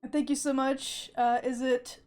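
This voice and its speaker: Woman streamer, crying, swearing and laughing, fairly high voice, faint game music behind. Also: level tone, unhurried, darkish tone. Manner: swearing, laughing while teary. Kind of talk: live game-stream commentary.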